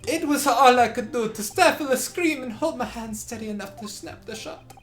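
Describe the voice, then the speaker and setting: A woman's voice: on the high side, normal speed, soft background music, lightly acted. A woman voicing a prim, self-serious male journalist witness in a courtroom game, with a mock-solemn, melodramatic delivery. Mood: self-important. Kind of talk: reading game dialogue aloud.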